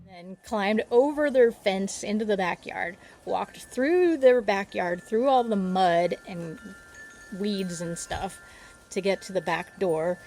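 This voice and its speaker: A chatty woman tells a meandering story in a relaxed vlog, drifting off topic as she goes. Her voice sits at a middling pitch with a gravelly, fry-tinged edge. There is a faint hiss of noise under the recording. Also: slow pace. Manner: rambling, easily distracted, chatty. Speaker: vlogger. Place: outdoors near birds.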